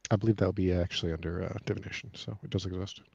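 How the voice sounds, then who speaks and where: A man playing in a tabletop game, joking and quick with wry comments. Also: low voice, fairly even intonation, gravelly, a little mellow, breathy edge, dry recording, highs cut off. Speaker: player. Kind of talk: casual tabletop banter.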